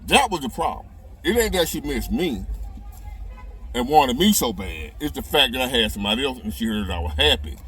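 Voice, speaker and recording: A man's voice: mid-range voice, big pitch swings, fairly quick, fairly bright tone. A middle-aged man, telling a relationship story to his viewers in a folksy, drawling way. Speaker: relationship advice video host. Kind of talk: casual storytelling monologue. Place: inside a parked car.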